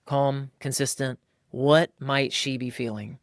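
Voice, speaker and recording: A man hosting a podcast, coaching listeners in a lively, casual way and acting out voices as he talks. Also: medium pitch, takes it slowly, no room sound, studio quality. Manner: animated, acts out voices. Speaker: podcast host.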